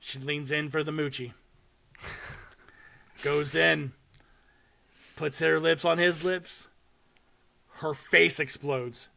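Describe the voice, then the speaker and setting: A young man hosting a podcast, casually and excitedly retelling a short horror film with swearing and laughter. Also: on the high side, very slow, vocal fry, long pauses. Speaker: podcast host. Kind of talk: casual chat.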